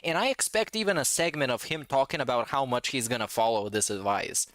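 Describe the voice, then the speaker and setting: A man's voice: mid-range voice, a little fast, fairly bright tone, no room sound. Sarcastic man hosting a reaction commentary. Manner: sarcastic, mocking. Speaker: commentary channel host.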